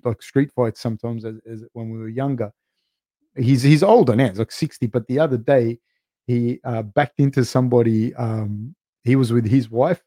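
A man's voice: mid-range voice, mellow, no room sound. Dry, chatty man telling stories. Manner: loose and chatty, full of "like" and "dude", swears. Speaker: podcast host and coach. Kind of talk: casual chat, rambling storytelling.

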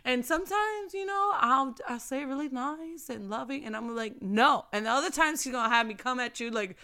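A woman's voice: high-pitched, fairly quick, sharp tone. A young woman giving a passionate faith-based motivational talk, preaching and repeating phrases for emphasis. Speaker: faith vlogger.

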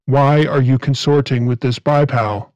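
A cold, dead-eyed alien medium in an audiobook, speaking in a slow, flat, robotic monotone that gives nothing away. The voice carries a robotic filter and a dull, muffled tone, and it sits dry and close. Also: male voice, medium pitch, clean tone, dry recording. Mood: cold, commanding. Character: tall inhuman blue-tinged medium, cold and robotic.

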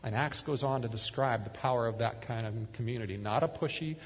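A man's voice: medium pitch, brisk, in a large hall. A male pastor preaching a sermon in an earnest storytelling manner, often repeating and restarting words. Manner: earnest storytelling, acts out the scripture scenes.

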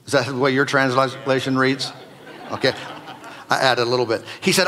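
Bright-voiced joking male pastor, reverberant hall. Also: medium pitch, little pitch movement, moderate pace, long pauses. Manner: conversational and joking with the congregation. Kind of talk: sermon.

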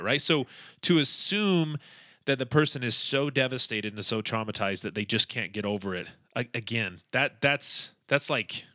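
A man co-hosting a casual podcast, his voice bright and forward. He talks loosely with many restarts and acts out quotes with animation. The sound is dry and close, with no room echo. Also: mid-range voice, moderate pace. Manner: animated storyteller, acts out quotes, laughs often; informal, many restarts and fillers. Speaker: podcast co-host. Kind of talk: casual chat.

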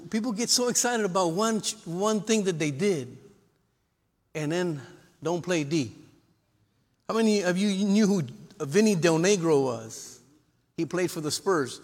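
Man, pastor, lively sermon, high voice, long church-hall reverb. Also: slow, long pauses. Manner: lively preacher with call-and-response and humor. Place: church sanctuary.

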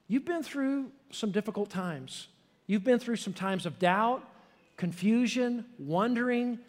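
A middle-aged man preaching a sermon as a pastor, leading an altar call and prayer, impassioned and swelling to loud peaks before dropping soft. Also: sits high. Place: large church sanctuary. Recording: long hall reverb.

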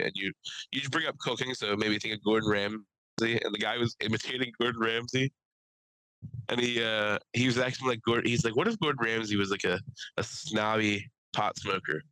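Bright-voiced joking Philly man. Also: on the low side, fairly even intonation, fast talker, clear, resonant tone, no room sound, low-quality recording. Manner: crude, jokey, breaks into loud impressions. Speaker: podcast host. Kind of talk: casual chat.

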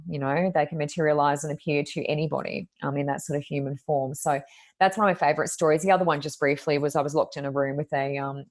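Low-voiced woman telling stories. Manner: chatty, rambling, many ums and likes. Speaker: medium, podcast guest. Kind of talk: conversational storytelling.

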